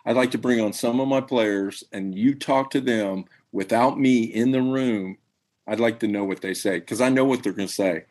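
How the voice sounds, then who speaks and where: A man, a high school baseball coach, telling stories earnestly and emphatically in a podcast interview. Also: normal speed, a little mellow. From Tennessee.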